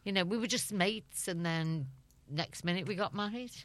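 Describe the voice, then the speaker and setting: A woman's voice: lowish voice, normal speed. A middle-aged woman with a Liverpool Scouse accent, a guest chatting casually and laughing as she tells stories. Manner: chatty storyteller, laughing often. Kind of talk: casual interview chat.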